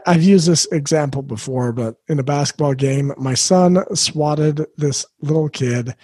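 A man's voice: on the high side, a little mellow, husky, dry recording. A middle-aged man hosting a solo parenting podcast, talking earnestly and reflectively as he coaches the listener.

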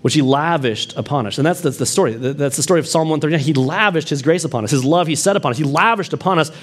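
A man preaching a sermon, reading scripture in a low, slow voice and rising when he presses a point. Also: breathy edge. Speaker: pastor.

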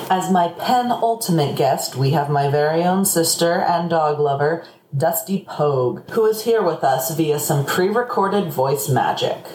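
Quick, playful woman podcast host in an echoey room. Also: low voice, expressive, darkish tone. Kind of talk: casual recap monologue. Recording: echoey room with faint noise.

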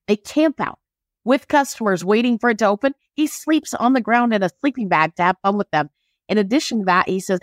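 A woman who leads a mortgage branch, speaking emphatically in a podcast discussion and firing off rapid questions. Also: lowish voice, dry recording, studio quality.

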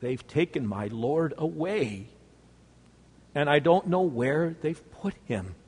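A man's voice: high-pitched, big pitch swings, unhurried, a little mellow, long reverb tail, full character voice. A preacher voicing Mary, a grieving woman. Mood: quivering. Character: grief-stricken woman disciple at a tomb.

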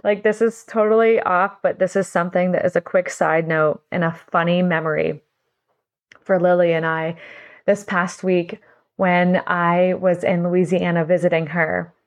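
A middle-aged woman with a fairly low, steady voice speaks at a normal speed. She hosts a podcast, owns a salon, and here delivers a casual storytelling monologue, chatty and rambling, laughing often.

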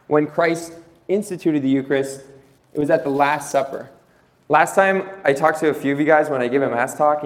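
A young man giving an informal religious talk to a group, earnest and reading scripture slowly and reflectively. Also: mid-range voice. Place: room with an audience. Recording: echoey room.

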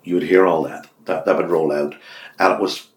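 Low-voiced older man with a Belfast accent. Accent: West Belfast. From Northern Ireland. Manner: animated storytelling, quick bursts and restarts. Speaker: radio host, guest. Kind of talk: casual interview chat. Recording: echoey office room.

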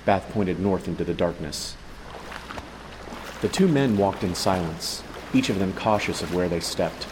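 A man narrates a story in a steady, even manner, with a very low voice. A long reverb trails after his words, and faint hiss runs underneath. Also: a little slow. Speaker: audiobook narrator. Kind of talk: scripted narration.

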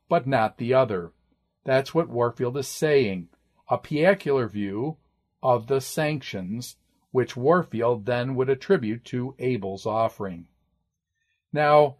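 An older man teaches a class in a measured, methodical way. He reads quotations aloud and frames each one with "quote" and "end quote". His pitch sits in the ordinary middle range for a man. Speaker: lecturer. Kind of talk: classroom lecture.

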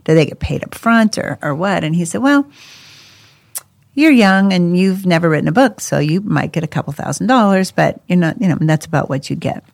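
A woman telling her own story in a casual podcast chat. She talks in an animated way, laughs often and acts out the voices of people she quotes. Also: fairly low pitch, fairly quick, vocal fry, no room sound. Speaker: co-host sharing her life story.

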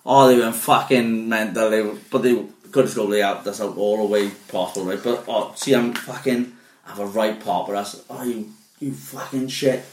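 A man's voice: fairly low pitch, fairly even intonation, fairly quick, recorded from a distance. A man co-hosting a casual football podcast, telling sweary stories and acting out what people said. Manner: sweary storytelling, acts out quotes. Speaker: podcast co-host. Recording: echoey room, off-mic.

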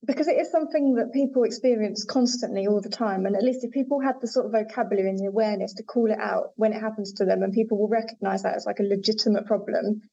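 A woman's voice: mid-range voice, quick pace, vocal fry, hardly any pauses, dark tone. A woman linguistics researcher answering interview questions thoughtfully, with frequent fillers and hedges. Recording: dull lo-fi audio with faint noise.

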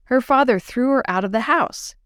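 A woman's voice: on the high side, moderate pace, fairly bright tone, clear, resonant tone, no room sound, studio quality, voice pushed up, natural voice. A woman reading the lines of a sad, gossiping neighbor in a children's story.

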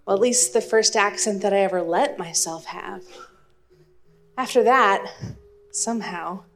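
This East Texas woman in her thirties, a speaker and Spanish teacher, has a medium-pitched, slightly bright voice and a measured pace. Addressing a live audience in her East Texas accent, she tells a humorous, self-deprecating story.

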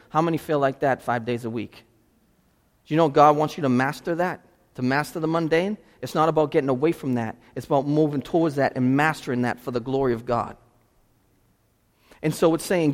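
Lively pastor preaching in an echoing church. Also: male voice, on the high side, fairly quick. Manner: animated, swings between soft and loud. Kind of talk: sermon. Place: church sanctuary. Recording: long hall reverb in a church.

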